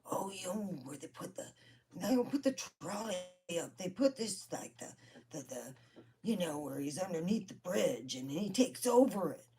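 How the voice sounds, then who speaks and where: A woman voicing a flustered, swearing uncle who rambles in dismay, muttering and half-whispering as he trails off, in a low voice. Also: expressive, takes it slowly, mellow, full character voice.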